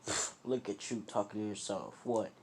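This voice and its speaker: A man's voice: on the low side, fairly even intonation, moderate pace, darkish tone, slight background noise, voice pushed down, lightly acted. A man reading as a mocking teenage bully. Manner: taunting, insulting. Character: hostile, mocking teenage boy rival.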